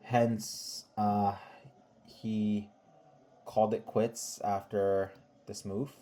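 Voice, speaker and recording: Chess recap host, mid-pitched, sarcastic, scolding, reads move lists fast. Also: level tone, dark tone. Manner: sarcastic, scolding the players with rhetorical questions; calls out moves in rapid lists. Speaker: chess commentator. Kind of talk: chess game recap commentary.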